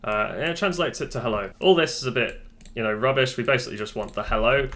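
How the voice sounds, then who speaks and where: A man hosting a casual software tutorial, talking in a chatty, joking, self-deprecating way. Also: medium pitch, expressive, quick pace. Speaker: tech tutorial host. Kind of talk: casual screen-recorded tutorial. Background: faint keyboard typing.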